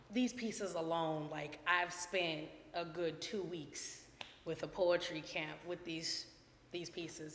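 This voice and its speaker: A woman performing spoken word poetry at a gallery event, dramatic, swelling from hushed lines to loud ones. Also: lowish voice, a little hiss or hum. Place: art gallery event before a live audience. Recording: echoey room with long reverb.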